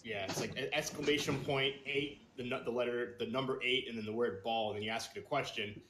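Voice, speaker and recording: A man's voice: medium pitch, fairly even intonation, a little fast, echoey room, noisy background. A man co-hosting a gaming podcast, chatting casually in a rambling, hesitant way with lots of ums and restarts. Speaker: podcast co-host and streamer. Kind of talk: casual chat.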